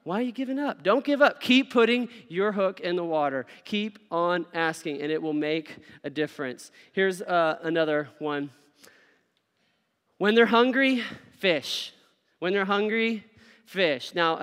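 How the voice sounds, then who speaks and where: High-voiced man preaching in a reverberant church. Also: moderate pace, clean tone. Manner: energetic, playful, laughs often, acts out little dialogues. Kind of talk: sermon. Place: church sanctuary. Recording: long hall reverb.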